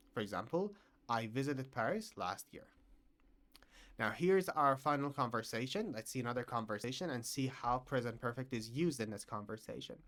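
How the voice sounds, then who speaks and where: A man teaching an English grammar lesson to learners, talking slowly and clearly and repeating each example sentence. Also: mid-range voice, fairly bright tone.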